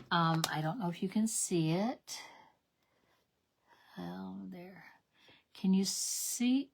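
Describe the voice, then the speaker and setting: A middle-aged woman hosting a card-making tutorial, chatty and enthusiastic, explaining each step and often correcting herself. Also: on the low side. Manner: chatty and enthusiastic, talks to viewers as "you guys". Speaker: craft demonstrator, channel host.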